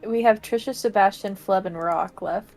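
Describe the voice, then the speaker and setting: A woman's voice: mid-range voice, brisk, a little mellow, soft background music. A woman playing a tabletop game, chatting in an upbeat, matter-of-fact way. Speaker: player. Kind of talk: casual tabletop game chat.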